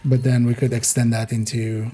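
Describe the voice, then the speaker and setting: A man's voice: mid-range voice, little pitch movement, normal speed, dark tone, faint music behind. A man streaming a game, rambling casually as he plays, chuckling often and correcting himself mid-thought. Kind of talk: casual gameplay commentary.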